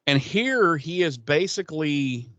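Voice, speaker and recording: A man's voice: on the high side, lively intonation, measured pace, a bit bright, no room sound, lo-fi sound. A man co-hosting a podcast, recapping an episode in casual, profane chat and acting out the characters' lines. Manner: profane, rambling, acts out quotes. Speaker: podcast co-host.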